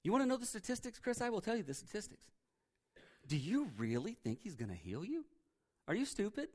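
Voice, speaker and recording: A man's voice: high-pitched, expressive, moderate pace. A man preaching puts on a sneering male devil who whispers doubts and mocks the listener. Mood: mocking. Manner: mocking, taunting.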